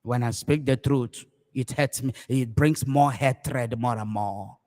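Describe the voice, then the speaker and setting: Speaking slowly in what sounds like a big room, a Nigerian-accented man preaches as a pastor during a live broadcast. He's fervent and repetitive, moving back and forth between shouting and murmuring quietly.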